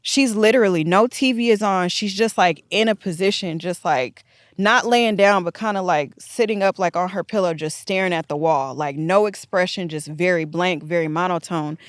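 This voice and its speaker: A woman telling a long personal story in casual podcast chat, animated and acting out the dialogue. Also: lowish voice, moderate pace, no room sound, studio quality.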